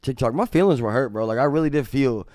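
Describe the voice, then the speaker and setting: A man from Missouri, a musician guest on a podcast, telling a story in a casual, profane way. He jumps into loud re-enactments of what was said. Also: mid-range voice, animated, fast, no echo, studio quality. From Missouri, USA.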